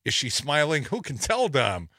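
A man's voice: mid-range voice, big pitch swings, normal speed, pushed and bright, no echo. A man hosting a talk radio show, reading news stories with sarcastic asides and a wry, laughing delivery into a studio microphone.

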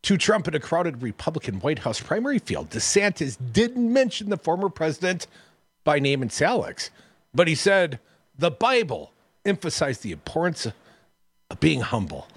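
A man's voice: fairly high pitch, sing-song, normal speed, slightly rough, no room sound. A man hosting a radio show, reading news stories and cutting in with sarcastic asides. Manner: sarcastic, wisecracking. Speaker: radio host.

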